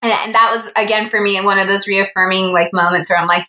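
Podcast guest, woman, bright and animated, recorded in an echoey room. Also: quick pace, few pauses. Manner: animated storyteller, acts out quotes in a high voice. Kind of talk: casual podcast chat.

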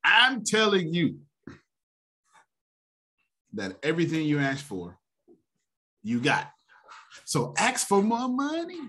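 Animated, preacher-like male host. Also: a little high, slow, pauses often. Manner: animated, preacher-like, laughs often. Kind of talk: motivational finance talk.

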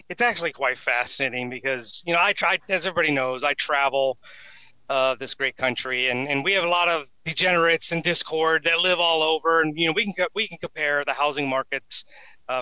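A man rambles through casual podcast chat, leaning on fillers. His voice is very bright and crisp. The sound is dry. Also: on the high side, brisk, dry recording, low-quality recording. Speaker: podcast co-host.

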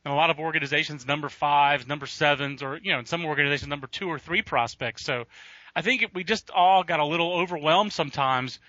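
A man's voice: on the high side, fast talker, pushed and bright, no room sound. A man co-hosting a casual podcast, talking in a rambling way with many fillers. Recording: dull lo-fi audio.

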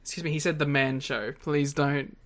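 A man's voice: a little high, steady tone, moderate pace, a bit bright. A man co-hosting a casual podcast, reacting with exasperation and frequent laughs. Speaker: podcast co-host. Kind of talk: casual wrestling podcast chat.

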